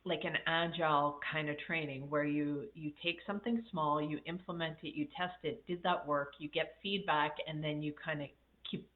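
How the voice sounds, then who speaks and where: A woman's voice: low voice, steady tone, normal speed. A woman life coach on a casual livestream, telling reflective stories with many fillers and a slightly congested voice. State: slightly congested, coughing after illness. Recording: tinny phone-like audio.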